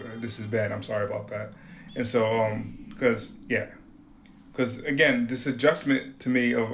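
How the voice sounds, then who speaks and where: Gravelly, profane man rambling candidly. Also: medium pitch, a bit bright, slight background noise. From Rhode Island, USA. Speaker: vlogger. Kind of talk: casual confessional monologue.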